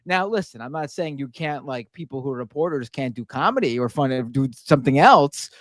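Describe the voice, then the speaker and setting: A podcast co-host talking casually, animated and ranting, with lots of fillers and restarts. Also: mid-range voice, a little fast, dry recording.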